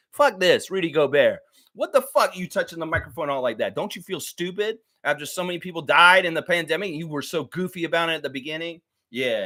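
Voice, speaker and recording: A male sports streamer on a heated, profane rant, hammering points home by saying them twice. His voice sits high and swings widely as he gets worked up, lively and restless from line to line. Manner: repeats lines for emphasis. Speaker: sports show host. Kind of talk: live-stream sports commentary.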